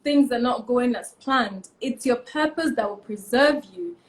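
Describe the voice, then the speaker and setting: A woman's voice: a little high, measured pace. A young woman, a fashion stylist giving emphatic advice as a guest in a casual interview. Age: young adult. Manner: emphatic, repeats key points, animated.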